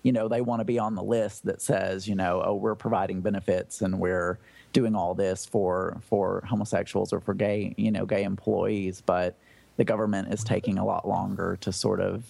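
A man's voice: low-pitched, flat delivery, moderate pace, creaky, darkish tone, husky, dry recording. A man on a podcast chatting and reading a news story aloud, with self-conscious asides. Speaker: podcast panelist.

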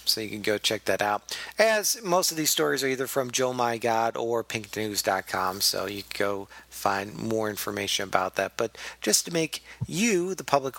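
A man's voice: medium pitch, fairly bright tone, dry recording. Chatty man hosting a comedy podcast. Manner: chatty, reads listener mail aloud, laughs often. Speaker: podcast host. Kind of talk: casual comedy podcast chat.

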